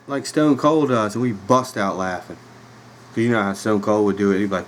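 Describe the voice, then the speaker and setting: A man's voice: fairly low pitch, fast talker, a little hiss or hum, poor audio. A man in his thirties with a Virginia accent, hosting a podcast and telling a story in a loose, rambling way with lots of fillers. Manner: laid-back rambling with fillers and laughs. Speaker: podcast host. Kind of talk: casual storytelling. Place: home room with a dog nearby.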